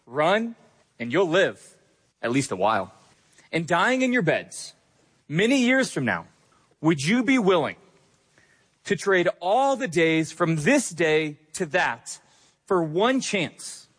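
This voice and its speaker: A defiant rebel leader rallies his army, drawing out each phrase with slow, rousing emphasis, as a pastor recites him from the pulpit. The voice sits a bit high and rings through a long, echoing hall. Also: very animated, fairly bright tone, slightly rough, full character voice.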